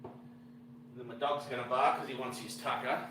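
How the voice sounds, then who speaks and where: A man's voice: medium pitch, steady tone, normal speed, reverberant, background noise. A middle-aged Australian man chatting casually on a livestream while cooking, rambling and greeting viewers with slang. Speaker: fishing vlogger cooking on a livestream.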